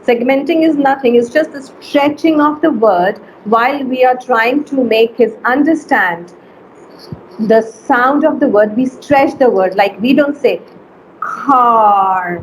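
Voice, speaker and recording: A woman teacher giving an online phonics lesson, slowly stretching and sounding out letters and words. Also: on the high side, slight background noise, rough recording.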